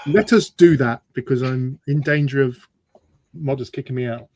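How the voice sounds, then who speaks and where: A man's voice: mid-range voice, moderate pace, darkish tone, no room sound. A man hosting a casual live model-building stream, joking and reading out chat comments. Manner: chatty, jokey, reads chat comments aloud.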